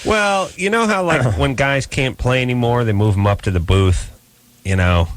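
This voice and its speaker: A man's voice: mid-range voice, moderate pace, no echo. A middle-aged man hosting a late-night call-in radio show, riffing loosely and joking with a co-host and callers. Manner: loose, joking, rambling riffs and bits.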